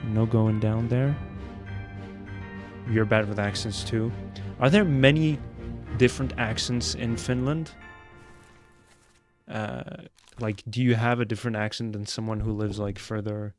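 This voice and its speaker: A man's voice: fairly low pitch, fairly even intonation, measured pace, music in the background. A young man streaming a mystery game live, chatting and joking with his viewers as he plays. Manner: chatty, joking, answers chat.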